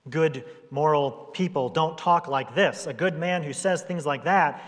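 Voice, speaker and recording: A man preaching a sermon as a pastor, talking in a relaxed conversational way and briefly putting on voices for the people in his story. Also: on the high side, unhurried. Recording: long hall reverb.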